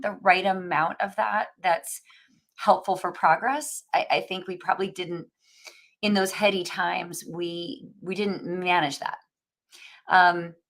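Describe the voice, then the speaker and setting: A woman in her forties hosts a casual interview in a lowish voice. She speaks in a reflective, earnest way, halting and restarting as she works through her ideas. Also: a bit bright. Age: 40s. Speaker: podcast host.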